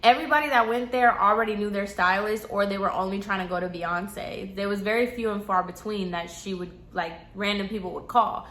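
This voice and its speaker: A woman tells a casual storytime, chatty and animated, with a voice that rings bright and sharp. The room throws back a noticeable echo. She speaks at a middle pitch. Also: fairly quick, hardly any pauses. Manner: chatty and animated, full of "like", acting out quotes. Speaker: storytime vlogger. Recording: echoey room.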